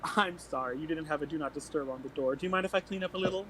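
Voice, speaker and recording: A man's voice: on the high side, racing, noisy background, lightly acted. A man voicing a sassy character posing as a maid, smugly calling people honey. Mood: sweetly fake.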